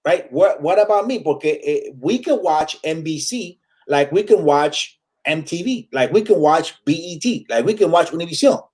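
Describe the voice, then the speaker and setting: A comedian, a man talking in a casual interview, animated, switching between Spanish and English and acting out what others say. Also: fairly high pitch, normal speed, hardly any pauses. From Puerto Rico. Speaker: comedian guest.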